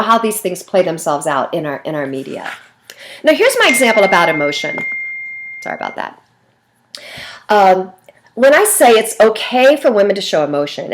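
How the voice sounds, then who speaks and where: A middle-aged woman giving a recorded lecture in a lively, conversational way, often checking in with "right?". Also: fairly high pitch. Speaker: instructor.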